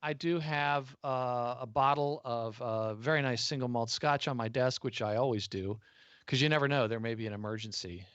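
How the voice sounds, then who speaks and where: Casting: relaxed American man, mid pitch, chatty with frequent uh fillers, dry slightly muffled video-call sound. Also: moderate pace, clear, resonant tone, no room sound. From United States. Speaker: podcast host appearing as guest. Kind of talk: casual interview chat.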